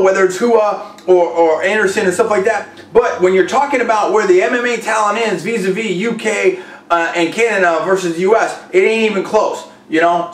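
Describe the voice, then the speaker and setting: A high, thin-voiced man rants excitedly about a fight, rambling and trash-talking as he hosts his own video blog. He sits well back from the mic in an echoey room. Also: distant mic. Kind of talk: casual fight commentary rant.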